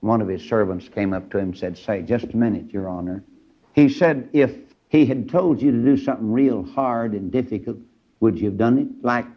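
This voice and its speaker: A man preaching a storytelling sermon, acting out the characters and rising into high shouts. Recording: dull lo-fi old recording.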